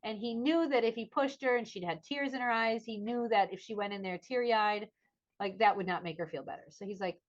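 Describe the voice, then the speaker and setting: A woman's voice: mid-range voice, highs cut off. A middle-aged woman co-hosting a podcast, chatting casually and telling a story animatedly, acting out the voices of the people she quotes. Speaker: podcast co-host. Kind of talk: casual chat.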